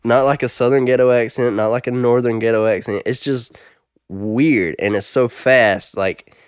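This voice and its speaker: A man's voice: medium pitch, steady tone, normal speed, clean tone, no echo, studio quality. A young man, a podcast co-host, telling a funny college story in casual chat and laughing often.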